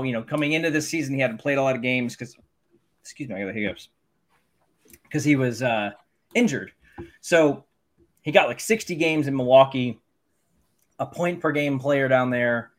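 A man co-hosting a sports podcast in casual chat, analytical and focused on statistics. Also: mid-range voice. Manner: analytical, stat-focused breakdown. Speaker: podcast co-host.

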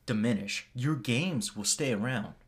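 American man, mid-pitch voice, rambling, casual podcast banter. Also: a little slow. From United States. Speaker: podcast co-host. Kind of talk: casual chat.

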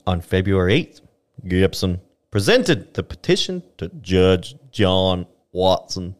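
A man's voice: sits low, very animated, takes it slowly. A man co-hosting a casual podcast, reading old historical documents aloud with small stumbles and chuckles. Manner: reads archival text aloud with stumbles and laughs.

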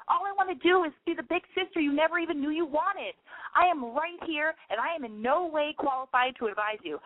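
A woman's voice: high voice, no echo. A young woman chats loosely through an amateur call-in advice show, swearing and teasing herself as she drifts off topic. Her voice is slightly nasal, and the sound is dry and thin, like a phone line. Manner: rambling, profane, self-mocking. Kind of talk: casual call-in radio monologue.

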